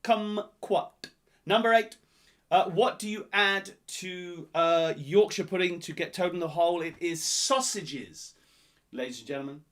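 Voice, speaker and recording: Jokey English quiz host, fairly high voice. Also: male voice, measured pace, a bit bright. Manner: jokey, teasing, repeats words playfully. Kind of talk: live-streamed quiz hosting, reading answers and chatting with players.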